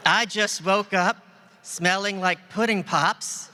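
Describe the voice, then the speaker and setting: A man voicing an insulting, wisecracking male puppet dummy in a ventriloquist stage act, with a slow, mocking roast delivery. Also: high voice, fairly even intonation, noisy background. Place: large event hall on stage. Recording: reverberant hall, faint ambience.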